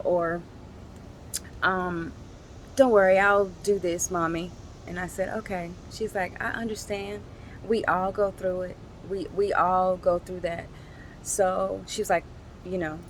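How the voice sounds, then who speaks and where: Slow, halting woman telling a story. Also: mid-range voice, fairly bright tone, a little hiss or hum, low-quality recording. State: tearful at times. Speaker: single parent. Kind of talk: personal reflective vlog.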